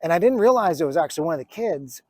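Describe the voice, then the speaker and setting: A man's voice: a little high, animated, rapid-fire, warm tone, no room sound, studio quality. Earnest man in his forties, reflective. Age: 40s. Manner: earnest, reflective, with many fillers and restarts. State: emotional, near tears at times. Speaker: vlogger. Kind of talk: personal vlog storytelling.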